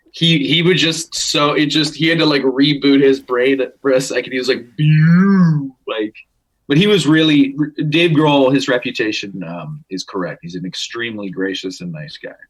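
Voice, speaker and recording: A man's voice: mid-range voice, moderate pace, a bit bright, rough recording. A man in his thirties from Canada, a musician guest telling stories in casual chat, rambling with many restarts and freely swearing.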